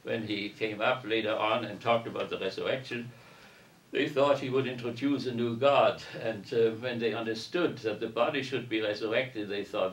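A low-voiced man speaking at normal speed gives a university lecture in a parish hall, reading passages aloud and then discussing them at length. He's heard from a distance with a roomy echo.

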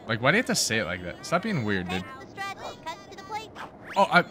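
A young man hosting a gaming video, giving excited let's-play commentary and cheering his team on with slangy outbursts. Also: on the low side, normal speed, pauses often, background noise. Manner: hyped, yelling at the game, slangy.

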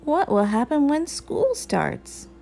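A nervous young skeleton boy, put on by a woman reading a storybook aloud. His voice leaps high and drags out each anxious word, with a gravelly edge underneath. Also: wildly swooping pitch, slow, warm tone, soft background music, exaggerated voice. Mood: worried. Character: worried young skeleton boy falling apart.

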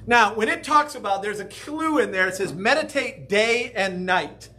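A man's voice: high-pitched, moderate pace, slight background noise. A man preaching a casual, conversational sermon, often checking in with the congregation. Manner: conversational, animated, keeps asking "right?". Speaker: pastor.

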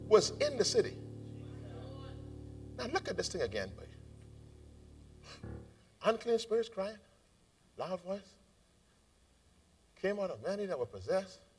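A man with a Bahamian accent preaching a live sermon in a church auditorium. He is fervent and calls out to the congregation, moving between shouted lines, sung phrases and quiet asides. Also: high-pitched, far from the mic. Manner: call-and-response with the congregation. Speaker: bishop preaching. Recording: live church recording, voice off-mic.

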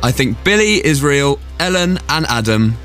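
Lively, exasperated male radio host. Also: mid-range voice, normal speed, faint music behind. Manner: animated, exasperated and self-mocking. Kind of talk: casual radio banter.

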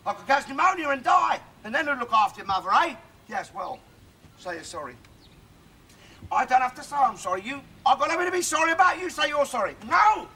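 An actor playing a cantankerous, rude older father in a sitcom, with a blustering, shouting manner. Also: extremely high pitch, big pitch swings, quick pace, hardly any pauses, exaggerated voice. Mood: grumbling, ranting. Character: cantankerous, bigoted older man, a loud-mouthed father. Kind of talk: sitcom acting. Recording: loud background noise.

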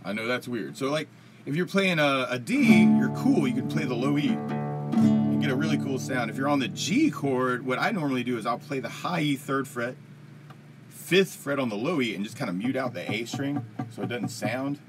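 A man's voice: medium pitch, animated, normal speed. Chatty American man teaching guitar. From United States. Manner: rambling, chatty, laughs often. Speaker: guitar teacher, live-stream host. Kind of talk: casual live-stream Q&A. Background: faint guitar strumming.

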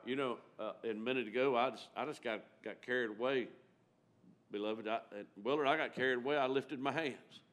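A man preaching a storytelling sermon in a church, folksy and emotional, rising loud and dropping to a near-hush. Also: mid-range voice, fairly quick. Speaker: guest preacher. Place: church sanctuary.

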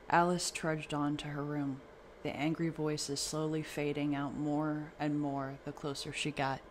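A man narrating a horror story in a steady, even reading voice. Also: fairly high pitch, a little slow, slight background noise.

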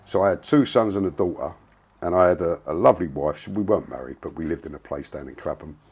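A man's voice: low-pitched, quick pace, darkish tone, breathy edge. A man, telling a story in a blunt, casual way, full of slang and swearing. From England. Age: 60s. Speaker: interviewee.

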